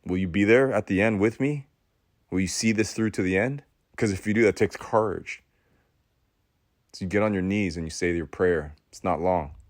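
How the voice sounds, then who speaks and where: A man giving an impassioned podcast monologue in a preachy, intense way, repeating words for emphasis and swinging between loud outbursts and hushed passages. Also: deep voice, normal speed, no echo, studio quality. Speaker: podcast host.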